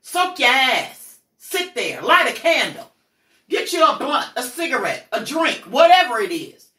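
A middle-aged woman telling personal stories in a blunt, profane, animated way as the host of a candid talk. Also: sits high, a little slow. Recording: roomy echo, mic at a distance.

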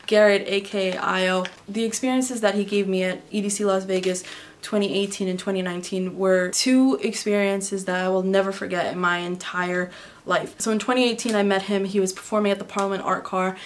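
A woman's voice: mid-range voice, steady tone, brisk, slight background noise. A woman vlogger from New York answering viewer questions in a candid, chatty way, telling stories with plenty of swearing. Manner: chatty, candid and profane storyteller. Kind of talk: casual Q&A vlog. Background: background music.

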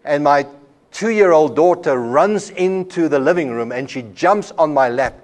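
A man's voice: a little high, expressive, measured pace. A man giving a classroom lecture at a Bible college, explaining with everyday examples and often repeating a word as he restarts. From South Africa.

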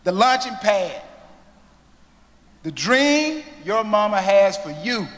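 A man giving an inspirational commencement speech, slow and dramatic, with long pauses and sudden hushed moments. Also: high voice, animated. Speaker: commencement speaker. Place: large indoor hall. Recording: long reverb of a large hall.

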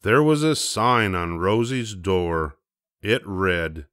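An older man reads a children's picture book aloud in a slow, gentle, measured way. His voice sits very low. The sound is dry and close. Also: expressive, no echo. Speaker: storybook reader. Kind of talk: bedtime story read-aloud.

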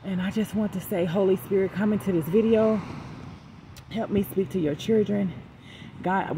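A woman's voice: medium pitch, a little hiss or hum, low-quality recording. A woman hosting her own channel, giving a casual devotional message that mixes a personal story with repeated exhortations. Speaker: preacher and channel host.

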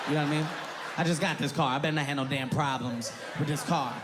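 A man performing a stand-up comedy routine, animated and shouty, jumping into high squeals, on stage before a live audience. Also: fast. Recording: live show with audience noise.

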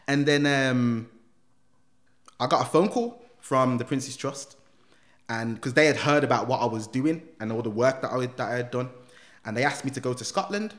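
A man's voice: medium pitch, normal speed, a bit bright. A young man, a former gang member, telling his life story in a casual interview, full of slang and acted-out quotes. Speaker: guest, former gang member turned motivational speaker.

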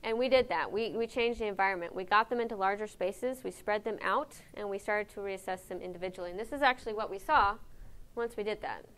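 A woman giving a conference lecture on animal behavior, lively and engaging, often checking in with her audience with questions. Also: mid-range voice, quick pace, clear, resonant tone. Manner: lively, asks the audience questions, frequent "right?".

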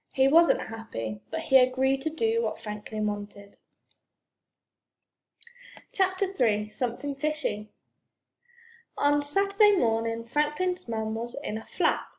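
A woman reading a children's storybook aloud in a gentle, expressive way. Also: fairly high pitch, takes it slowly, long pauses. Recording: roomy echo.

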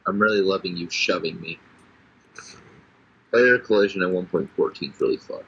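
A man's voice: low voice, normal speed, a bit bright, breathy edge. A man chatting casually while playing a video game, with a crude, sarcastic manner and a lot of swearing. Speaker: guest player. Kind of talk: casual gameplay chat. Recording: dull lo-fi mic.

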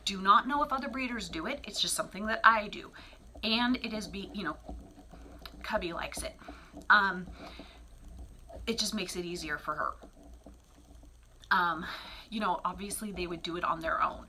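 A woman's voice: mid-range voice, normal speed, pauses often, a little hiss or hum. A middle-aged woman who breeds cats, talking casually in her small bathroom, chatty and rambling with lots of fillers. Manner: drops to a soft whisper near the kittens. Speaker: cat breeder. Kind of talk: casual vlog talk.

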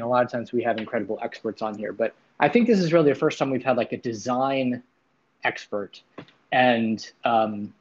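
A man's voice: mid-range voice, lo-fi sound. A man hosting a casual livestream, chatting loosely with viewers, swearing now and then and greeting chatters by name. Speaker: livestream host.

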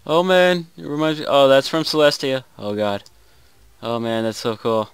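A young man hosting a gameplay video, excitable and often exclaiming or groaning as he plays. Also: medium pitch, normal speed, clean tone. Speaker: gaming host. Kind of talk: let's play commentary.

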